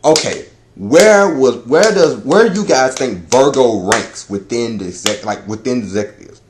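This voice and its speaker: A man giving a casual chapter review, talking in a loud, profane, rambling way that is full of laughter. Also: medium pitch, animated, normal speed, noisy background. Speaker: anime and manga reviewer.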